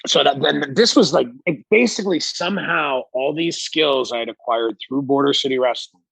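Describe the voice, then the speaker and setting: A man's voice: a little high, normal speed, vocal fry, a bit bright, slightly rough, no room sound, poor audio. A man on a podcast telling a rambling, profane anecdote as a guest, full of restarts. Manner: rambling, frequent restarts, swears freely. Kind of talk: casual storytelling.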